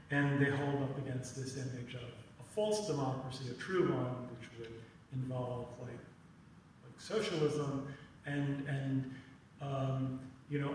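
Male lecturer, mid pitch, halting, lots of fillers, recorded from afar in a booming room. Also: a little hiss or hum. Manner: halting, repeats words, many ums and "right?" tags. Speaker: teach-in speaker. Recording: echoey room, mic far off.

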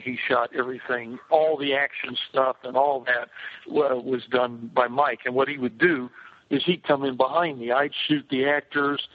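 An older man, a film director, telling rambling behind-the-scenes stories with lots of fillers and restarts. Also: mid-range voice. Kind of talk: casual anecdotal storytelling. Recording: tinny phone-like line.

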